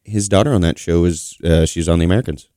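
A man's voice: sits low, quick pace, mellow, no echo, clean studio sound. A man co-hosting a podcast in casual chat, cracking jokes and pop-culture quips. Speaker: podcast co-host.

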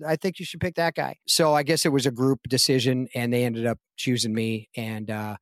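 A man's voice: medium pitch, a little fast, no echo, clean studio sound. A man telling a long anecdote in a casual podcast interview, acting out quoted lines with a lifted voice. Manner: animated anecdote-telling, acts out quotes in raised voice. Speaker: guest actor.

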